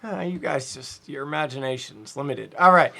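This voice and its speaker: Podcast co-host: man, slightly high, gravelly, jokey and rambling. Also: moderate pace, bright, forceful tone. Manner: joking, rambling, self-deprecating. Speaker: podcast co-host, email reader. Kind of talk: casual sports podcast banter.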